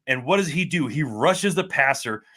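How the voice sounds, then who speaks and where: A man co-hosting a casual sports podcast, talking candidly and excitedly like a fan. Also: fairly high pitch, normal speed. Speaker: podcast co-host.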